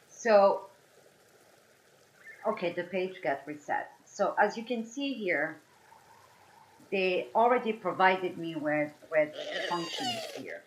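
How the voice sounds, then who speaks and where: Woman, French accent, low voice, chatty, apologetic, faint background noise. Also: low-quality recording. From France. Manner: apologetic, chatty, talks through each step. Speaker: streamer. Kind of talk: casual live-stream commentary.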